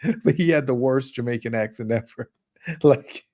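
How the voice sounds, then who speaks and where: Warm and medium-pitched at a moderate pace, this New Yorker co-hosts a laid-back movie chat show, wandering through his points with plenty of restarts and fillers.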